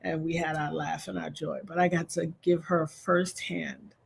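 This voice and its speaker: A woman's voice: low voice, little pitch movement, normal speed, vocal fry, slightly rough. A woman hosting a casual livestream, talking straight to her viewers in an effusive, churchy way and praising God. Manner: addresses viewers directly, rallying likes. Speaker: livestream host.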